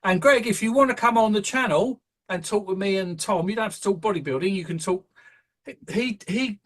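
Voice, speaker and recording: A man's voice: high-pitched, fairly quick, a bit bright. A British man hosting a casual podcast, rambling with plenty of ums and restarts. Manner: rambling, hesitant, many fillers. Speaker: podcast host.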